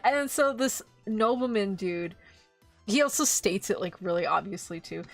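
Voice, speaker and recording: A woman streaming live, casually recapping an anime, animated and swearing freely as she acts out quick quotes. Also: mid-range voice, creaky, faint music behind. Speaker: VTuber streamer.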